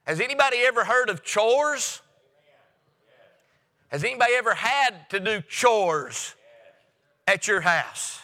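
Male pastor, emphatic sermon delivery, high and very bright, church hall reverb. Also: lively intonation, measured pace, pauses often. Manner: emphatic preaching with repeated phrases, drops to a hush for stress.

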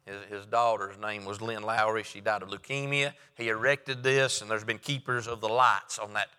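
Bright, emphatic preacher man in a hall. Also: on the low side, fairly even intonation, normal speed, clean tone. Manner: folksy storytelling with loud emphatic rises. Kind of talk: sermon.

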